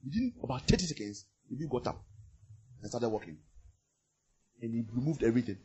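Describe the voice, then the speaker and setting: A man preaching a sermon with passion, repeating phrases and swinging from loud bursts to quiet murmurs. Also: medium pitch, animated, fairly quick, husky. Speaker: pastor.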